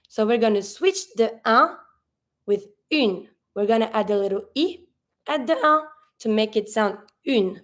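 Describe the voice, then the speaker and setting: A woman with a fairly high voice gives an online language lesson. She walks through each word patiently and step by step, in a clear teaching manner. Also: animated, normal speed, a bit bright. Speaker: French teacher.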